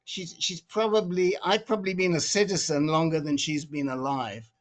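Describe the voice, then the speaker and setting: A man's voice: a little high, fairly even intonation, normal speed. A man on a group video call, telling a story with many restarts and repeated words. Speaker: support group member.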